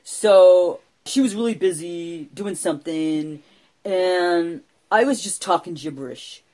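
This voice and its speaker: A woman co-hosting a podcast, telling a story casually in an animated, self-deprecating way with lots of fillers. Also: lowish voice, slow pace. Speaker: podcast co-host, storyteller in character.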